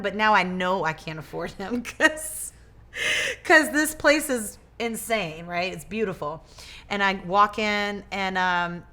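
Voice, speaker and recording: A woman guest in a casual interview, telling her story in a lively way, acting out quoted dialogue and often restarting her words. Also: mid-range voice. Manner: animated, acts out quoted dialogue. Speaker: interview guest, business owner.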